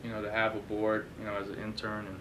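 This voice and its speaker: Young guy hosting a sports chat show, bright voice, rambles with lots of ums. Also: on the low side, monotone, quick pace, recorded from a distance, slight background noise. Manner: rambling, many fillers and self-corrections. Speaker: host. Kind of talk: casual studio chat.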